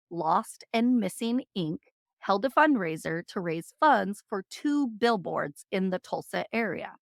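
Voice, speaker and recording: A woman's voice: mid-range voice, fairly bright tone, dry recording. Woman narrating a true crime podcast, dry mic. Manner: reads case notes, then chats with emphatic agreement. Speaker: podcast co-host.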